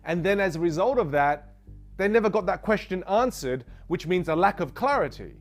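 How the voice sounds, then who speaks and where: A man teaching a communication lesson, energetic and full of rhetorical questions. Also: high-pitched, moderate pace, faint music behind. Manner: energetic, rhetorical questions, demonstrates trailing off and fillers. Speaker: communication coach. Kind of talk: instructional lesson.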